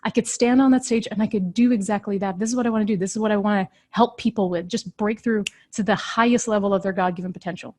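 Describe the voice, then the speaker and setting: A woman in her thirties speaks as a coach in a live session, her voice pitched in an ordinary middle range. She tells her own story earnestly, with heartfelt emphasis and shifting tempo. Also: steady tone, quick pace, hardly any pauses, darkish tone. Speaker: leadership coach. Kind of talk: motivational personal storytelling.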